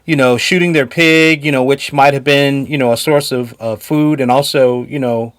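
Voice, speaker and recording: A man co-hosting a casual film discussion, talking in a measured way with many fillers. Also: mid-range voice, steady tone, fairly bright tone, clean tone, no room sound, clean studio sound. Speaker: podcast co-host.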